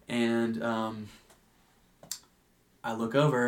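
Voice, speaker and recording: A man's voice: medium pitch, unhurried, pauses often. A young man on a podcast tells a bar story in loose, casual chat. He swears a lot and slips into the voices of the people he quotes. He stays in a middle register. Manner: animated, swears freely, acts out quoted people. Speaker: podcast co-host.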